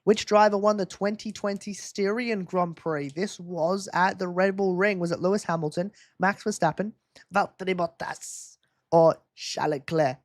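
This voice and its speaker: A man's voice: high-pitched, steady tone, normal speed, no echo, clean studio sound. A man hosting a live race-watch quiz stream, teasing viewers in casual chat.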